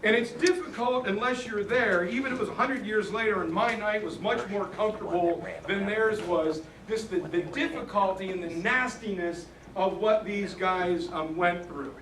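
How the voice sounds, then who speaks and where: A man's voice: high-pitched, moderate pace, a bit bright, a little hiss or hum. A man telling a history story in earnest and acting out the words of soldiers he quotes. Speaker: speaker on history. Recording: roomy, distant mic, faint ambience.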